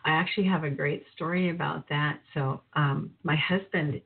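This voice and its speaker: A woman telling a lively personal story with laughter, acting out voices as she goes. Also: low voice, normal speed, creaky, husky. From northern Minnesota. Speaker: guest. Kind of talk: animated storytelling. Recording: phone-like narrow sound.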